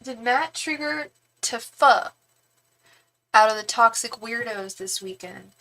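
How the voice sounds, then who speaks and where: A young woman with a mid-range, creaky voice reads tarot on a livestream. She chats casually with viewers, thanks donors, and softly repeats questions to her spirit guides.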